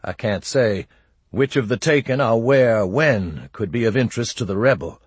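Man doing a husky, wry old army colonel. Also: mid-range voice, expressive, moderate pace, dry recording. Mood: wary. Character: aging army colonel, wry and world-weary. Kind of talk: audiobook character voice.

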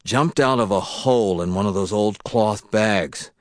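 A blunt, coarse-talking mill worker, as a man reads him, recounts things in folksy slang. The voice is low. The recording is dry and close. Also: a little slow, dry recording, close to an everyday voice.

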